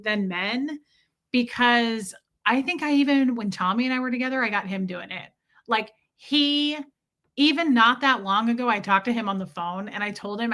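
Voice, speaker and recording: A woman hosting a casual livestream, chatty and animated, answering viewers by name. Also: a little high. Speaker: livestream host reading chat.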